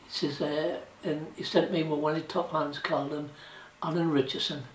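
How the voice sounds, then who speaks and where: A distant, off-mic recording with roomy echo and slight background noise captures an older Geordie man from South Shields, England, who used to be a shipwright. At a moderate pace and with little pitch movement, his high-leaning voice drifts through casual recollections of working life, sprinkled with "you know" and "like," for an oral history.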